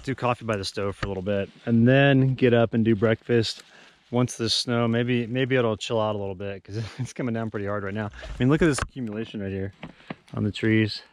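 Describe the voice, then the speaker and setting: A man casually narrating an outdoor camping vlog in the snow, relaxed and rambling, with plenty of fillers. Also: lowish voice, a little fast, a little hiss or hum. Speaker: vlogger. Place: snowy backcountry camp outdoors.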